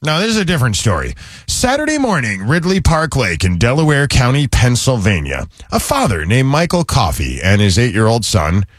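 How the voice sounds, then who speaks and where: A man's voice: mid-range voice, wildly swooping pitch, moderate pace, dry recording, studio quality. A man co-hosting a casual talk show, telling a news story with wry, teasing asides. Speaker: co-host.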